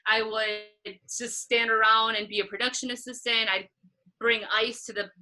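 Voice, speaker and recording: A woman's voice: moderate pace, low-quality recording. A woman in her thirties being interviewed about her career as a concert photographer, telling stories with energy and acting out past conversations in a raised voice. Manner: animated storytelling, acting out past dialogue in a higher voice.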